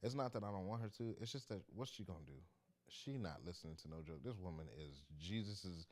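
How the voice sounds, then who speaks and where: A man's voice: low voice, fairly quick, a little mellow. A man who does stand-up comedy, telling a story in a loose, chatty, slangy way. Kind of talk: casual storytelling to camera.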